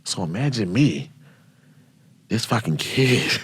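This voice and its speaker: A man in his thirties hosting a podcast, telling stories in a brash, profane, animated way. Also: fairly low pitch, slow, breathy edge. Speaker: podcast host. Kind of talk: casual storytelling.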